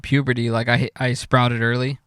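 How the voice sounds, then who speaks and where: A man's voice: mid-range voice, little pitch movement, brisk, a bit bright, clean tone, dry recording, clean studio sound. A man co-hosting a podcast in loose casual chat, swearing freely and laughing at his own jokes. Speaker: podcast co-host.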